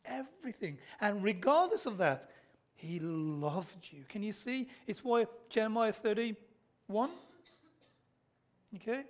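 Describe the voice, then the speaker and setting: Black country guy preaching, high-pitched voice, earnest and direct, goes soft and intense. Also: expressive, takes it slowly, pauses often. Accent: Black Country English. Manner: earnest, direct, addresses listeners as Christian, drops to soft intense tones. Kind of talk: sermon.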